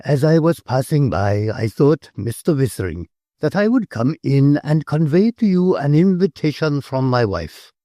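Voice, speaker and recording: A man's voice: on the high side, animated, normal speed, warm tone, no room sound, clean studio sound, pitched above the performer's own voice, close to an everyday voice. A man voicing an elegant count who speaks with formal, courteous phrasing. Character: elegant aristocratic count, polite but nervous uncle.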